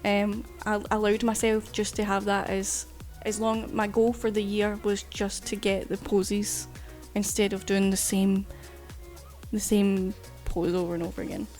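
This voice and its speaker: A woman's voice: mid-range voice, flat delivery, unhurried, a little mellow, faint music behind. A woman artist chatting casually while streaming, rambling and swearing freely. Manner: chatty, loose, swears casually, frequent fillers. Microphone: desk mic while streaming.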